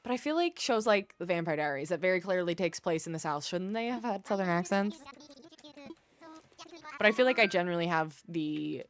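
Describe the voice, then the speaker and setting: A woman's voice: fairly low pitch, brisk. Chatty Midwestern American woman streamer. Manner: chatty and animated, draws out words for drama. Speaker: gaming streamer. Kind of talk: casual live-stream chat with viewers.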